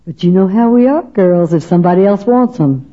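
Animated and brisk, an older woman from Texas gives her personal faith testimony in a lowish voice, chatty, folksy, funny and emotional, imitating other people's voices. The lo-fi sound comes with a noisy background.

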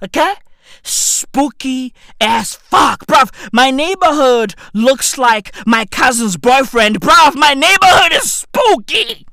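A young South African man rants to camera in a high, bright voice that leaps all over the place. He talks slowly and deliberately, cursing and breaking into shouts. The sound is close and dry. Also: gravelly, no room sound. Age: young adult. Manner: animated, profane, often shouting and laughing. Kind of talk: ranting comedic monologue.

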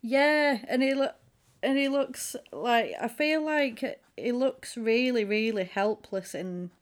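A woman's voice: a little high, slow. A woman, co-hosting a podcast and animatedly retelling a film in casual chat. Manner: chatty, animated storytelling.

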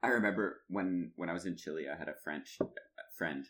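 A young man with a very deep voice tells a travel story to his co-host, loose and chatty. He laughs often and his pitch jumps up when he acts out the punchlines. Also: fairly quick, fairly bright tone. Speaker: podcast co-host. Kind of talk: casual chat.

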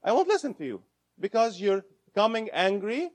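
A man's voice: sits high, sing-song, moderate pace. A man giving an interactive lecture, repeating his points and asking the audience questions as he goes. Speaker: instructor.

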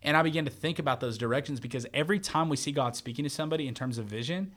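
Rambling, animated man telling a story. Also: medium pitch, rapid-fire. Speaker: church media worker. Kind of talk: casual storytelling chat.

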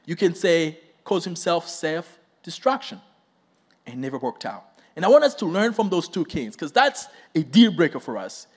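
A man's voice: a little high, moderate pace. A man preaching a sermon, telling a story with acted-out quotes and questions to the congregation. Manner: animated storytelling, acts out quotes, asks the crowd questions.

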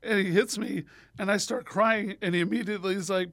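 A man with a fairly high voice tells a long funny story as a radio guest, and he is lively and animated. He acts out the people in the story with sudden jumps up in pitch. The sound is dry and close, with no room around it. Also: brisk, no room sound.

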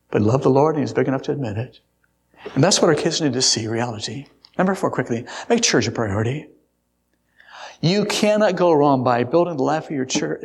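A man's voice: medium pitch, creaky, husky. An older man preaching an earnest sermon to his congregation, laying out numbered points and telling a story from his own childhood. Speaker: pastor.

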